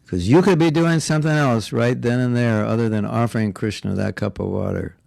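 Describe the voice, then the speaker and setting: A man's voice: mid-range voice, fairly even intonation, brisk, vocal fry, a little mellow, no echo, studio quality. A man giving a devotional class in an earnest, conversational way, sounding a little congested and often slipping into quoted voices. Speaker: spiritual teacher. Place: Alachua, Florida.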